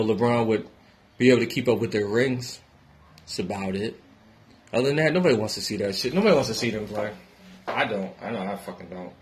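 A young man from New York rants casually and profanely, shifting between loud outbursts and low mutters. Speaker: independent musician giving sports opinions. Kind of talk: casual ranting monologue.

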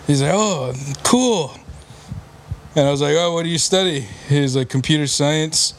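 A man's voice: a little high, normal speed, a little hiss or hum. A young man and podcast co-host telling a sheepish, laughing story in casual chat, swearing freely.

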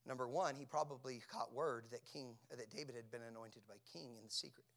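A man preaching a sermon, asking his congregation questions and swinging from hushed near-whispers to loud shouting. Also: medium pitch, a little fast.

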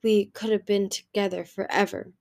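A woman's voice: mid-range voice, little pitch movement, normal speed, gravelly, a little mellow, lightly acted. A woman voicing a lonely, grieving male dragon who pleads and turns bitter, in an audiobook reading. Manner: pleading, raised and emotional.

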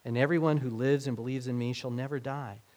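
A man's voice: medium pitch, fairly even intonation, quick pace, a little mellow. Conversational man preaching a sermon. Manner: conversational, acts out quoted speech with rising emphasis. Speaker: pastor.

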